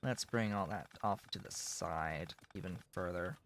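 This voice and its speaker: A man's voice: low voice, unhurried, fairly bright tone, slight background noise. A man streaming a factory-building game, mumbling casual commentary to himself while his voice is going. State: losing his voice.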